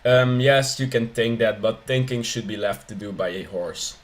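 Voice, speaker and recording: A young man commentating a strategy game with mock-serious deadpan humor, hesitating with frequent ums. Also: on the low side, normal speed. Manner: hesitant, lots of ums, dry jokes. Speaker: gameplay commentator.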